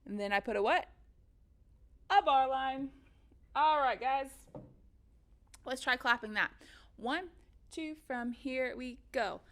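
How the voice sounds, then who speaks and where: A woman's voice: high voice, takes it slowly, long pauses, fairly bright tone. A woman music teacher giving a recorded lesson for children, upbeat and encouraging, counting beats and chanting rhythms aloud.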